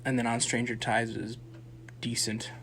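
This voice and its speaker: A man's voice: mid-range voice, completely flat delivery, moderate pace, a bit bright, a little hiss or hum. A young man co-hosting a campus radio movie talk show, rambling and restarting his sentences. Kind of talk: casual chat.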